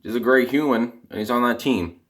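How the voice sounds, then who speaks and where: A man's voice: mid-range voice, brisk, fairly bright tone. Young Canadian man in a rambling rant. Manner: rambling, dejected and exasperated. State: voice cracking. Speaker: vlogger, hockey fan.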